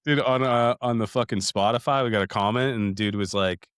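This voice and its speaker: A man in his thirties on a casual podcast, spinning profane, rambling stories in a lowish voice. The sound is close and dry, with no room around it. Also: brisk, a bit bright, smooth, dry recording. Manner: profane, rambling storyteller, calls listeners "dude". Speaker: podcast co-host.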